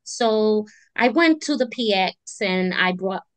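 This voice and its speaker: A middle-aged woman with a medium-pitched voice speaks slowly, recorded without echo. An artist and army veteran appearing as an interview guest, she tells her story conversationally and animatedly, acting out the voices of the people in it.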